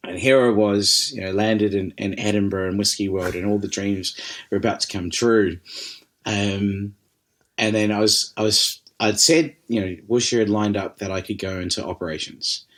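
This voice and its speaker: Kiwi guy chatting on a podcast, lowish voice, laughs a lot, rambles n swears. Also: steady tone, normal speed, a bit bright. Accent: New Zealand. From New Zealand. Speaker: interview guest, distillery managing director. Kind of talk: casual storytelling conversation.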